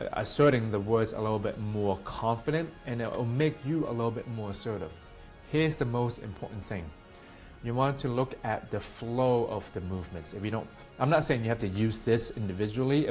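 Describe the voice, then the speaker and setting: A man coaching public speaking in a relaxed, conversational way, his voice sitting at an ordinary middle pitch. He keeps switching into short acted examples that come out brighter and louder. Quiet music runs underneath. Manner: demonstrates example lines in a livelier, raised voice. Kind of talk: casual instructional talk to camera.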